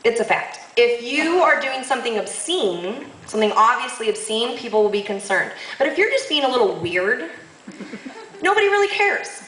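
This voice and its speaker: A woman telling a comic story on stage to a live audience, sassy and quick to laugh, with lively asides. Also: on the high side, roomy sound, a little hiss or hum, low-quality recording.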